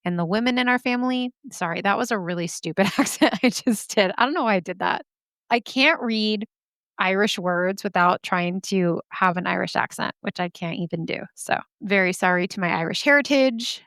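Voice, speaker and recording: A woman hosting a spooky story podcast, chatty and animated, swearing and laughing at herself as she reads listener stories. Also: medium pitch, moderate pace, no room sound, clean studio sound. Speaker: podcast host.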